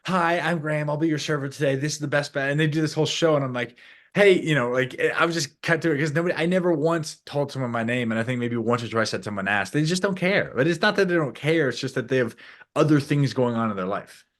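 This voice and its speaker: A man's voice: medium pitch, lively intonation, fast, a bit bright. A man who works as a coach, a guest on a podcast, rambling in casual chat and acting out the voices of people he quotes.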